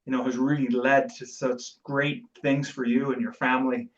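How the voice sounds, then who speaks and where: A man's voice: medium pitch, level tone, normal speed. A man hosting a podcast, affirming his guest and asking long, reflective, winding questions. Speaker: podcast host. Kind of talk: interview questions. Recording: distant, dull lo-fi mic.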